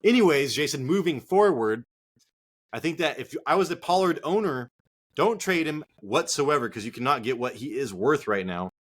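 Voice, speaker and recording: Male co-host, mid-pitched, blunt casual talker, swears freely. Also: lively intonation, moderate pace. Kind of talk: casual podcast chat.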